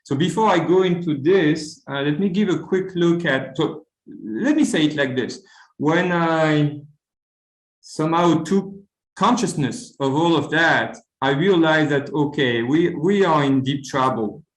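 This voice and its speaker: A man's voice: on the high side, a little slow, echoey room, poor audio. A man giving an academic seminar talk as lecturer, speaking earnestly and often repeating words as he searches for them. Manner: earnest, with frequent stuttered word repeats.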